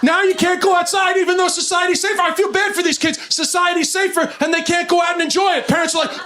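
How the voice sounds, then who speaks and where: A man doing a stand-up routine, shouting his punchlines in a mock-serious way, recorded live. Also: very high-pitched, a little fast, few pauses. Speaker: stand-up comedian. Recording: live club recording with loud crowd and noise. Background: audience laughter and noise.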